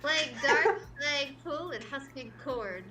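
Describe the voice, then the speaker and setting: A woman in a casual chat, cracking playful deadpan jokes. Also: high-pitched, takes it slowly, crowd noise.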